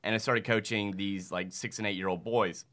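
A man in his thirties from Mississippi, USA, chats casually and earnestly as a podcast guest, rambling and leaning heavily on "like." His voice is fairly low and a bit bright, with a steady tone and moderate pace.

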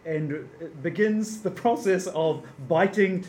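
Male game master, live stage show, slow and halting, echoey room. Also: sits high, darkish tone. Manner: hesitant, full of fillers, amused. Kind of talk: live tabletop game narration. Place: stage in front of a live audience.

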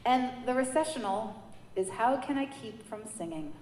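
A woman from New York giving a personal faith testimony, telling her story with animated quoted voices. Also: a little high, normal speed. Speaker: testimony speaker. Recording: echoey hall with light noise.

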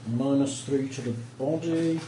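A man's voice: medium pitch, steady tone, measured pace, echoey room, background noise. A man running a tabletop game as game master, reading rules and narrating plainly.

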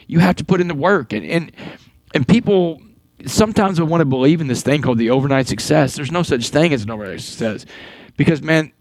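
A man in his forties talks at a rapid clip, spinning a story with plenty of drive and doubling back on words. The sound is close and dry, with no room around it. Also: mid-range voice, no echo, low-quality recording. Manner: animated storyteller, repeats words as he goes. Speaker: guest. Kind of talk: storytelling interview.

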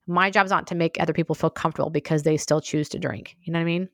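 Frank, low-voiced woman podcast host. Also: steady tone, quick pace, no echo, studio quality. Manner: frank, conversational, full of asides. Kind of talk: candid solo podcast monologue.

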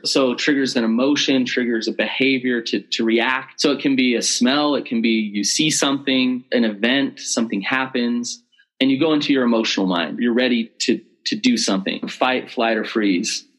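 A man talking as the expert guest in an interview, with a voice of ordinary, middling pitch. He explains things earnestly and slips into the voices of people he is quoting. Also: a bit bright, low-quality recording. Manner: earnest, explanatory, acts out quoted speech. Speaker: betrayal trauma expert guest. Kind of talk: conversational interview.

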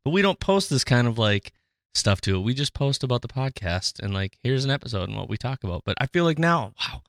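Excitable man on a podcast, dry sound. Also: medium pitch, brisk, no echo. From Irish descent. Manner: excitable, jokey, swears. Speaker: podcast co-host. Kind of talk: casual podcast chat.

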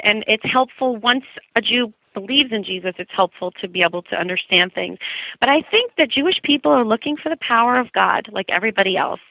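A woman's voice: fairly high pitch, dry recording. A woman, a singer-songwriter guest, telling her personal story in an earnest, storytelling way over the phone. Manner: earnest storytelling, lively quoted voices. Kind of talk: personal testimony in a phone interview. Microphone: telephone. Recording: tinny phone line.

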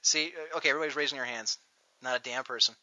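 A man hosting a show, ranting loudly and profanely in a mocking tone, recorded on dull lo-fi audio. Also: mid-range voice, very fast, no room sound. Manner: loud, profane, mocking rant. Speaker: podcast host. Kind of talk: ranting comedic talk show.

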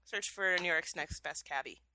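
A woman co-hosting a casual podcast from her house, bubbly and quick to laugh. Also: lowish voice, no room sound. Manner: bubbly, animated, laughs easily. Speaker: podcast co-host.

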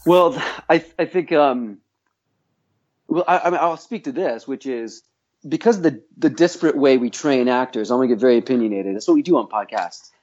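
A man's voice: medium pitch, fairly quick, a little mellow, muffled recording. A man working as a voice coach and acting teacher, speaking in a podcast interview in a reflective, opinionated way, thinking aloud with frequent restarts.

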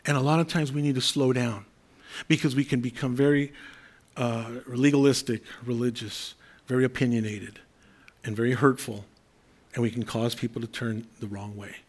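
A man's voice: medium pitch, steady tone, normal speed. A man preaching an earnest, conversational sermon, explaining scripture and Greek words. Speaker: pastor.

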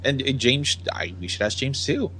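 A man's voice: medium pitch, big pitch swings, normal speed, fairly bright tone, a little hiss or hum. A man co-hosting a podcast, asking curious questions in a casual chat and laughing often. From United States. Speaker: podcast co-host.

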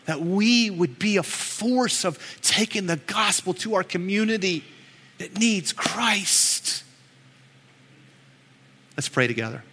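Earnest high-voiced pastor in an echoey hall. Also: male voice, animated, slow, pauses often, bright, forceful tone, husky. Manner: earnest, emotional, with storytelling asides. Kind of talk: sermon. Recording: echoey hall with long reverb.

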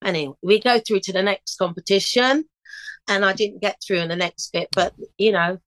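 A middle-aged woman telling stories in a casual interview, lively, breaking into bits of song. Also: medium pitch, normal speed, no room sound, low-quality recording. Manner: animated storyteller, bursts into snatches of song. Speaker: guest singer.

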